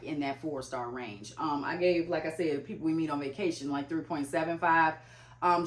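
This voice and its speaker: A young woman chatting casually about books as a vlogger, talking loosely with lots of "like" fillers. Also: low-pitched. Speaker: book vlogger. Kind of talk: casual chat. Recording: echoey room.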